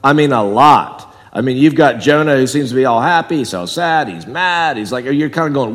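A man preaching a sermon in a church, talking conversationally and swinging from loud and high to low and quiet. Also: expressive, moderate pace, few pauses, big-room sound. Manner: conversational with wide swings in pitch and volume. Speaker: pastor. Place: church sanctuary.

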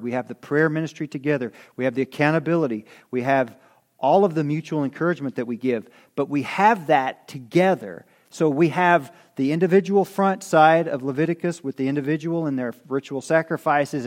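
A middle-aged man delivering an expository sermon, his voice sitting a touch high for a man. He talks to the congregation casually, often pausing to ask "okay?" and restarting his sentences as he works through the text. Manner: conversational, self-correcting, asks the congregation "okay?". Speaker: pastor.

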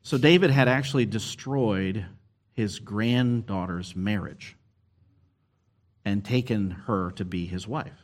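A man preaching a sermon as pastor, earnest and expressive, pushing key words up and slowing down to stress a point. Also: on the low side.

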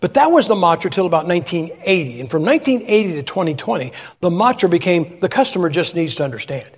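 A man's voice: high voice, sing-song, fast, husky, big-room sound. A man preaching a humorous sermon in church, telling folksy stories, asking the crowd rhetorical questions and acting out voices. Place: church sanctuary.

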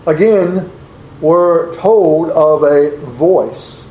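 A man preaching a sermon, slowly posing rhetorical questions and reading scripture aloud in old-fashioned wording. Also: a little high, a little hiss or hum. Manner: slow, deliberate, repeats rhetorical questions. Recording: roomy, dull lo-fi recording.

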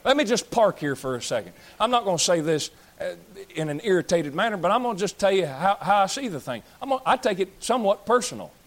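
Preaching with fire, this man in his thirties plays the plainspoken pastor, alternating between teasing and reprimanding his flock. He talks fast and high-pitched, with wide swings in pitch and almost no breaks.

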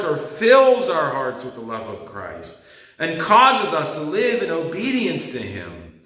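Pastor, male, slow deliberate sermon delivery, bright tone, roomy church echo. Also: high voice. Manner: earnest, emphatic preaching with slow stresses.

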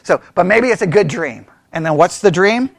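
A man teaches a Bible study in a bright, very high voice that leaps up and down as he talks. He keeps it animated, laughs often and throws questions to the group. The sound is close and dry, with no room echo. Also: moderate pace.

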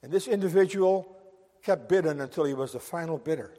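A male preacher delivers a sermon with a slightly raised pitch, speaking earnestly. He pushes key phrases hard and then drops to near quiet. His voice trails off in the long reverb of a church sanctuary. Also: a little fast. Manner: earnest, emphatic, swings between loud stress and quiet.

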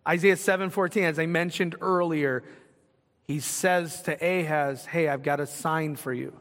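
A man's voice: a little high, steady tone, measured pace, a bit bright, in a large hall. A man preaching a sermon as pastor, in a conversational style that builds to emphatic, rising points.

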